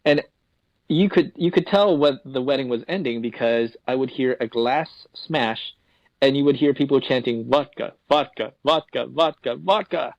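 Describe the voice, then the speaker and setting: A man's voice: medium pitch, moderate pace, darkish tone, no room sound. A male podcast co-host who jokes and laughs easily. The recording is dry and a little muffled. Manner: jokey, laughing often. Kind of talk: casual podcast chat.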